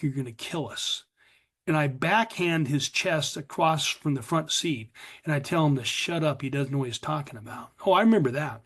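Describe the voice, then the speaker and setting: A middle-aged man from the USA shares his recovery story with a pitch a bit above average. He is earnest and confessional and acts out his old self's words. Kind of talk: personal testimony at a recovery meeting.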